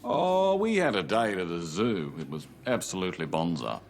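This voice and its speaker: A boastful husband faking a loudmouth Australian bloke in a TV comedy, slang tumbling out. His voice sits low but leaps all over the place. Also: very animated, moderate pace, soft background music, exaggerated voice. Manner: loud, boastful, full of slang. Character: husband putting on a bad loudmouth Australian act. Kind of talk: sitcom acting.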